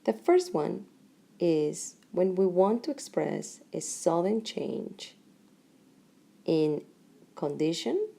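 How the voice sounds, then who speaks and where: A middle-aged woman teaching a Spanish grammar lesson in English, speaking deliberately in short phrases with pauses between them. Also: fairly low pitch, very animated, creaky, mellow.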